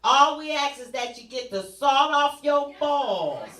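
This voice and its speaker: A brash woman comedian working a club crowd, her high, bright voice delivered. She takes her time, letting each bawdy line land, and repeats punchlines for effect. The sound is roomy and a little distant, as if caught off the stage. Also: expressive, unhurried, slight background noise. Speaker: stand-up comedian. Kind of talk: stand-up comedy set.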